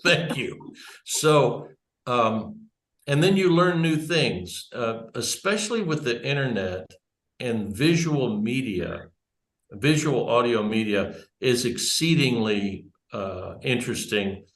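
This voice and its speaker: A man's voice: medium pitch, lively intonation, slow pace. A man giving a conversational church talk, rambling and correcting himself as he goes. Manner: rambling, digressive, self-correcting. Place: church room with small audience. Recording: roomy echo.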